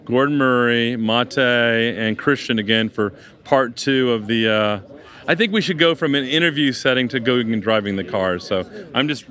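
A man's voice: mid-range voice, moderate pace, fairly bright tone. Upbeat man chatting outdoors. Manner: upbeat, friendly. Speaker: guest, car company founder. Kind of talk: casual chat. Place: outdoors at a car show.

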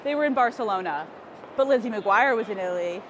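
A woman's voice: medium pitch, lively intonation, quick pace, muffled recording, a little hiss or hum. A woman podcast host vlogging outdoors on city streets, bubbly, laughing often and swearing freely. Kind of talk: travel vlog, talking to camera.

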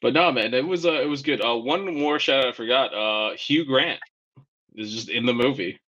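Man, bright tense voice, opinionated movie chat, quick bursts, dull lo-fi recording. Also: mid-range voice. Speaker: podcast co-host. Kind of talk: casual movie review chat. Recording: dull lo-fi sound.

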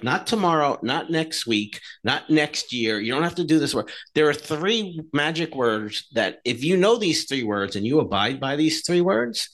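A man co-hosting a podcast, telling stories in a casual, animated way and acting out the dialogue in them. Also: medium pitch. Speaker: podcast co-host.

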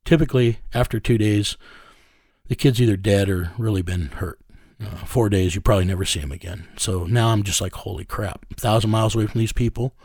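A man's voice: lowish voice, a little fast, darkish tone, dry recording, studio quality. A man working as a child recovery investigator, telling a story in an interview in a blunt, profane way with many fillers.

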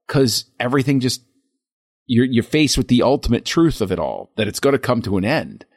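A man co-hosting a podcast, talking through a film scene in a reflective, halting way with frequent restarts. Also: medium pitch, very animated, no echo, clean studio sound. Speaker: podcast co-host. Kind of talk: casual film discussion.

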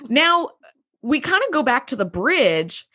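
Woman podcast host, kinda high voice, super lively up and down, laughing a lot while she recaps. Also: a little slow. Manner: animated, laughs often, acts out characters' lines. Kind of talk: casual chat recapping a TV episode.

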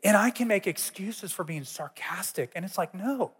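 A man's voice: sits high, animated, normal speed, slightly rough. A man teaching a sermon in a conversational way, telling personal stories to a church audience. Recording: long reverb of a large hall.

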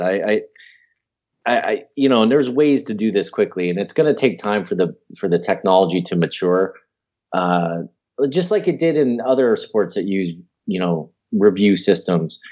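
A man on a casual sports podcast who argues his case in an animated way and slips in the odd curse. His voice is low and mellow. The recording has a dull, lo-fi sound. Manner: animated, argumentative, mild cursing. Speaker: podcast co-host.

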